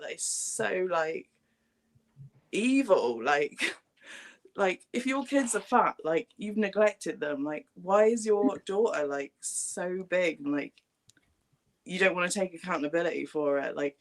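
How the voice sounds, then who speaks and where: A man's voice: high-pitched, expressive, a little slow. A man hosting a casual livestream chat, blunt and filling his speech with "like" at every turn. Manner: blunt, says "like" constantly. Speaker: livestream host.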